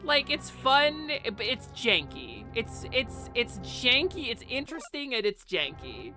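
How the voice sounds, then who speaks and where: A woman's voice: fairly high pitch, big pitch swings, unhurried. A woman streaming a game live, swearing and exasperated, ranting at the game and chatting with her viewers. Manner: chatty, greets chat viewers. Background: faint game music.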